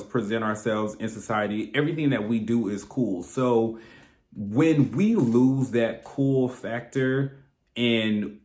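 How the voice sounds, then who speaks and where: A man hosting his own commentary channel, talking bluntly and with plenty of swearing. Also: on the low side. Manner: blunt, animated, profane. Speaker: reaction channel host. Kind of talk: casual commentary. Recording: roomy echo.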